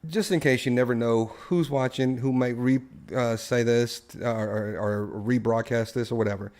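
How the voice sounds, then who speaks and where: A man's voice: medium pitch, steady tone, normal speed, a little mellow. A man hosting a casual live-stream discussion, telling a story and putting questions to his co-hosts and the chat. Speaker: live show host.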